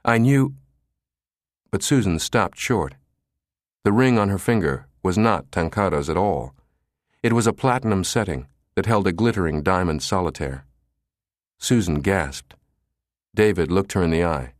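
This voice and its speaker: Male audiobook narrator, very low voice, measured delivery, dry close studio sound. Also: no room sound. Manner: measured, even storytelling.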